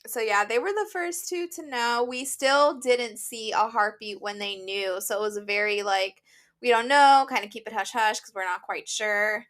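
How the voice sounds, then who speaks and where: A young adult woman co-hosting a casual podcast chat, recounting events in a relaxed, matter-of-fact way. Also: mid-range voice, moderate pace, few pauses. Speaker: podcast co-host.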